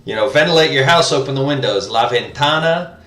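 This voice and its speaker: A man working through a language lesson out loud, hesitant and full of fillers and self-corrections. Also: mid-range voice, animated, fairly quick. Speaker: language learner host. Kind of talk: casual spoken lesson, thinking aloud. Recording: roomy, mic at a distance.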